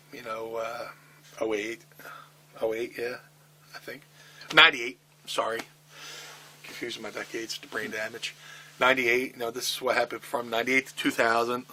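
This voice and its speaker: Bright-voiced man telling a backstage story. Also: medium pitch, a little hiss or hum, low-quality recording. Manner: animated, swearing, acts out quoted voices, halting restarts. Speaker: interview guest, wrestler. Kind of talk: casual storytelling in a shoot interview.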